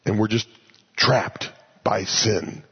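Gravelly, raspy-voiced man teaching scripture. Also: on the low side, steady tone, takes it slowly. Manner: conversational, asks rhetorical questions. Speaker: pastor. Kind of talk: verse-by-verse Bible teaching. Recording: dull lo-fi recording.

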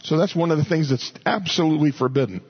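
A man with a slightly high, husky voice delivers a sermon like he's chatting with friends, folksy and easygoing. The recording sounds a little dull and lo-fi. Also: quick pace. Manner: folksy, conversational storytelling. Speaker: pastor.

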